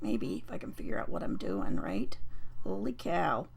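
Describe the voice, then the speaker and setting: A woman hosting a papercraft live stream, chatting casually and rambling with many fillers and restarts, her voice a bit croaky. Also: lowish voice, huge pitch swings, normal speed. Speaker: host of a papercraft livestream.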